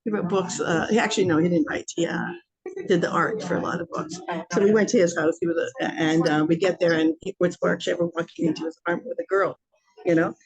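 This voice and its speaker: Woman telling a lively story to a class. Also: lowish voice, fast talker, rough recording. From Canada. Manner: lively, acts out dialogue in her telling. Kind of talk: casual storytelling to a women's class. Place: room with a group of listeners. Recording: busy room with crowd noise. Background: chatter and laughter of the audience.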